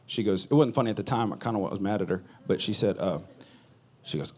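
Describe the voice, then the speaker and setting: A man who is a pastor, preaching a sermon in a conversational way, swinging between loud bursts and quiet asides. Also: mid-range voice, lively intonation, fast.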